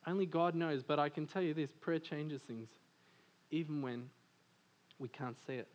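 A man from Australia preaching a sermon, animated and full of stories, laughing often and saying "like" a lot. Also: fairly high pitch, moderate pace, dull audio. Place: church service.

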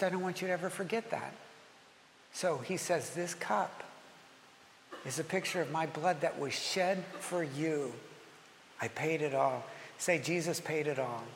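A man leading communion as a pastor, speaking earnestly and rising in pitch and force as he voices a listener's prayers. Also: slight background noise. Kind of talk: communion sermon. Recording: long hall reverb, faint ambience.

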